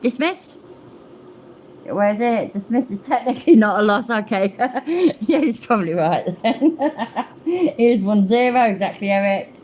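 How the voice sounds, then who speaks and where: A woman's voice: mid-range voice, lively intonation, moderate pace, darkish tone, a little hiss or hum. A woman hosting a reaction commentary, blunt, sweary and mocking. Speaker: commentary channel host.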